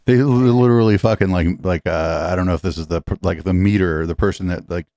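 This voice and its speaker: A man's voice: low voice, quick pace, warm tone, dry recording. A man commenting on a clip with sarcastic, profane, rambling talk. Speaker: podcast host reacting to a clip.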